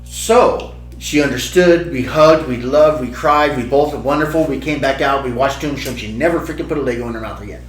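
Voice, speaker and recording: A man's voice: fairly quick, few pauses, a little hiss or hum. A middle-aged man, a podcast host, telling a family story casually and acting out the voices he quotes. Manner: animated, acts out quotes in a high child voice. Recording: echoey room with faint music.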